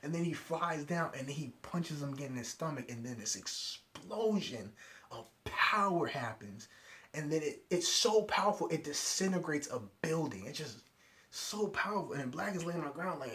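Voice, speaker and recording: Excited young man recapping an episode. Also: on the high side, moderate pace. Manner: animated, retells scenes with quoted lines and sound effects. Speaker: anime reviewer.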